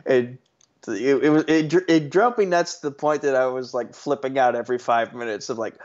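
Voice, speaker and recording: A man co-hosting a casual podcast chat, airing strong opinions in an animated way and tripping over restarts. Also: mid-range voice, moderate pace, dull audio. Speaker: podcast co-host.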